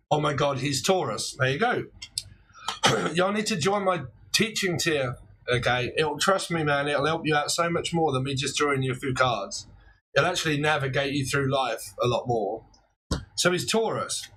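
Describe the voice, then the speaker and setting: A man's voice: mid-range voice, bright, forceful tone, slightly rough, poor audio. A man in his forties doing a chatty live-stream tarot reading, laughing often between points and breaking into theatrical quoted outbursts. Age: 40s. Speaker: tarot reader.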